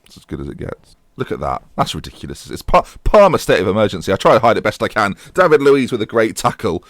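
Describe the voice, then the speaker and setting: A young man commenting on his own football management game, chatty and self-mocking, excitable when the match heats up. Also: on the low side, fast, no room sound, studio quality. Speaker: gaming YouTuber.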